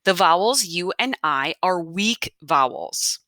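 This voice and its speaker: Speaking slowly in an animated way, a Spanish teacher with a voice on the low side sounds pushed and bright. She patiently goes over each grammar rule again in a recorded lesson, checking in with "okay?". The recording is studio quality, with no echo.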